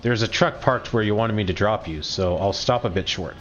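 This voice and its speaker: A man's voice: fairly low pitch, fairly quick, hardly any pauses, highs cut off, slight background noise. A man playing a video game, reading the driver's lines aloud and musing on his choices. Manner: reads dialogue aloud, musing commentary. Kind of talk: game playthrough, reading and commenting.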